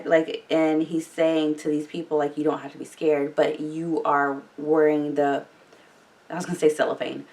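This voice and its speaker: A woman's voice: deep voice, a little mellow, distant mic. A woman hosting a reaction video, chatting casually and rambling with lots of filler words.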